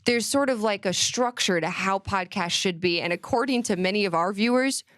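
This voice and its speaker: A woman co-hosting a comedy podcast, speaking in a deadpan, mock-serious way. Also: medium pitch, moderate pace, dry recording, clean studio sound. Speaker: podcast co-host. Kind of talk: deadpan comedic sketch chat.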